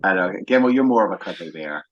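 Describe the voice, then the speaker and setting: Male podcast host, low-pitched voice, dull lo-fi audio, loose joking chat. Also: expressive, fast, no room sound. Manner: joking, rambling, laughs often.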